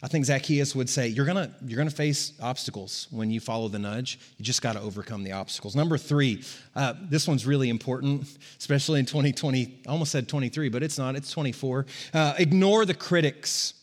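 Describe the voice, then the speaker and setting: Conversational pastor with hall echo. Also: male voice, medium pitch, quick pace. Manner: conversational, joking with the congregation. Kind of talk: sermon.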